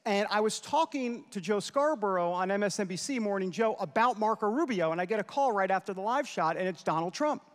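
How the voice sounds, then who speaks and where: A man from New York moderating a panel, chatty and loose, telling a quick story and wrapping up with announcements. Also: high voice, expressive. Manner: chatty, loose, many fillers. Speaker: panel moderator and show host. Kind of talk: casual anecdote and wrap-up announcements. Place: conference hall stage. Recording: long hall reverb.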